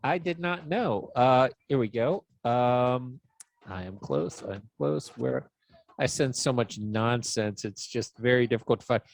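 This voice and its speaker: Male podcast host, mid-pitched, sarcastic and profane banter. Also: unhurried, dry recording, low-quality recording. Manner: sarcastic, swearing, laughs often.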